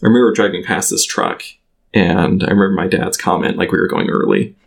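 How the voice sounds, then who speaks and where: Low and creaky with a gravelly texture, this thirty-something man's voice carries a casual personal anecdote as a podcast guest. The conversation is laid-back, but his speech keeps breaking off and starting again, padded with lots of "like."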